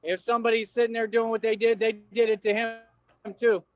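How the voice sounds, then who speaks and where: A man's voice: extremely high pitch, little pitch movement, fairly quick, no room sound, faint music behind. A man on a livestream delivering a confrontational, slangy rant at his viewers, repeating himself as he goes. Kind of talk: ranting livestream monologue. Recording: dull dry livestream audio.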